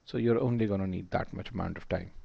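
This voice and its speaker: A man's voice: low voice, fairly even intonation, fast talker, creaky, husky, no room sound, highs cut off. A man teaching test preparation in a webinar, emphatic and repeating words as he thinks aloud. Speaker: test prep instructor. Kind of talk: webinar lecture.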